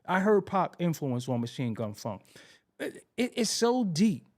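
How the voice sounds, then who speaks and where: A man hosting a podcast, telling music history stories in a casual, animated way and repeating himself for emphasis. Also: high-pitched, measured pace. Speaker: podcast host.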